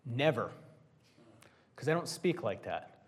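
A man preaching a conversational sermon to a Bible study group, lively, with joking asides to his listeners. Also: mid-range voice, takes it slowly.

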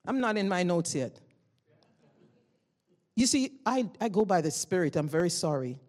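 A woman with a lowish, very animated voice preaches a loud, fervent sermon at a moderate pace. She tells stories conversationally, then builds them into emotional bursts.

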